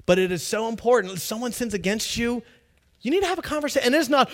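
High-voiced animated male pastor. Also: fast. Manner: animated, conversational, acts out quotes. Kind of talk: sermon.

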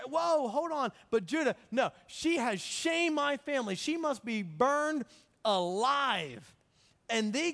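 A man's voice: extremely high pitch, a bit bright. A man preaching a sermon, retelling a Bible story with jokes and acted-out lines. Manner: jokey, acts out the characters' lines. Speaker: pastor. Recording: hall reverb.

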